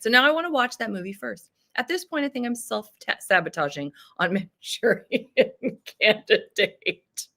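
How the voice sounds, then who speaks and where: A woman's voice: mid-range voice, animated, measured pace, a bit bright. A woman in her thirties hosting a casual livestream, chatting bubbly with viewers and laughing often. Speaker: livestream host. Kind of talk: casual live chat reading comments.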